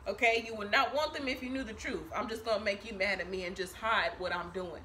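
Bright, chatty woman tarot reader. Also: medium pitch, fairly quick, hardly any pauses, a little hiss or hum. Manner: chatty, profane, laughing, tags lines with "okay?". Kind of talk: casual tarot reading to camera. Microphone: camera mic.

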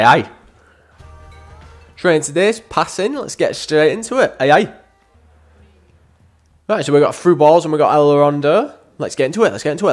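A gaming YouTuber with a lowish voice does chatty let's-play commentary, calling his viewers lads. Now and then he breaks into frustrated shouts at the game.

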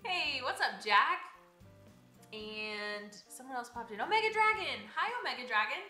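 A woman's voice: on the high side, big pitch swings, moderate pace, bright, forceful tone, reverberant. A young woman live-streaming a game, chatting casually and greeting viewers by name in a bubbly way. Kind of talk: casual live-stream chat while playing. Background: game music.

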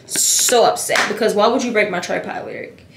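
A woman's voice: mid-range voice, quick pace, gravelly, heavy background noise. A woman vlogging at home at night, chatting casually to her viewers as she gets ready, recorded on a camera on a tripod. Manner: chatty, addresses viewers as y'all.

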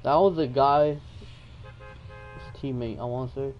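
A man's voice: medium pitch, fairly even intonation, a little slow, muffled recording, a little hiss or hum. A young man from Texas live-streaming a game, chatting casually and joking while reading viewer messages aloud. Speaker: gaming streamer.

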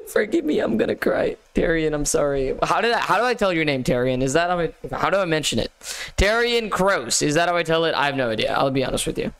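A man's voice: on the high side, animated, rapid-fire, few pauses, fairly bright tone, clear, resonant tone. A man hosting a live gaming stream, chatting casually in slang and greeting viewers by name. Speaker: livestream host. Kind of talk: casual gaming livestream chat.

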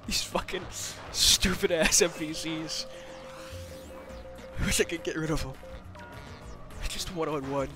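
A man's voice: on the high side, a little slow, pauses often, sharp tone. A young man giving casual commentary while playing a racing game, cursing and laughing in frustration, sometimes slipping into mock-dramatic villain talk. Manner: frustrated, swearing, laughing often. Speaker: gamer commentator. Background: game music.

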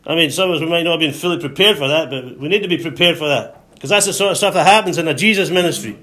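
A man preaching a sermon to a congregation, calling for responses, quoting scripture and acting out voices with sudden high shouts. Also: racing. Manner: call-and-response preaching, frequent hallelujahs.

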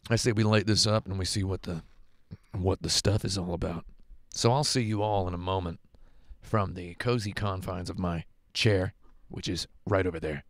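A man's voice: sits low, fairly even intonation, moderate pace, no echo. A man chatting casually on a game livestream, telling rambling, digressive stories into a headset at home. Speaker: streamer. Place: home room with carpet.

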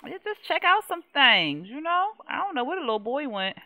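Chatty woman with a bright voice. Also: sits high, big pitch swings, fairly quick. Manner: chatty, laughs easily, talks to the game characters. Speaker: game streamer. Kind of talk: casual Let's Play commentary.

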